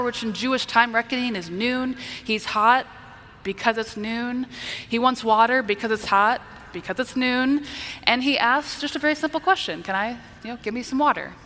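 A woman's voice: on the high side, normal speed, bright, forceful tone, in a large hall, slight background noise. A woman preacher giving a conversational Bible teaching, explaining and checking in with her listeners. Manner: explanatory, asks the listeners "right?".

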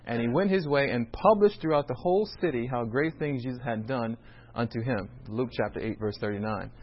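A man who runs a restaurant tells faith stories, quotes scripture and acts out the dialogue in an animated way. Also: mid-range voice, fairly quick. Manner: animated storyteller acting out dialogue. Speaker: restaurant owner sharing a faith testimony. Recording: dull lo-fi recording.

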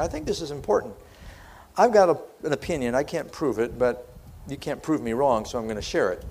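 Male preacher, pitched high with lively swings, storyteller who pulls the congregation in with questions. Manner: dramatic storytelling retelling of scripture; conversational, asks the audience questions. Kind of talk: sermon. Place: church platform before a congregation.

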